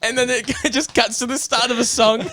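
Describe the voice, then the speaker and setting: A man's voice: very high-pitched, slight background noise. A man co-hosting a podcast in a studio, chatting casually, acting out funny bits and laughing often. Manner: animated storyteller, laughs often, acts out bits. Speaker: podcast co-host. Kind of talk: casual chat.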